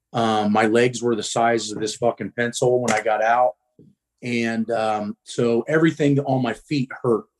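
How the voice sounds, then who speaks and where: A middle-aged man from the Midwest, a guest telling his story in casual talk, blunt and profane, with frequent ums. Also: mid-range voice.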